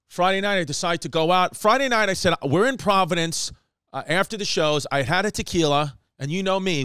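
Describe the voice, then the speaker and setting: Comedy podcast guy ranting a story, kinda high voice, crisp and dry close mic. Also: no room sound. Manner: animated, profane, slips into mock voices and Spanish phrases. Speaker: podcast host.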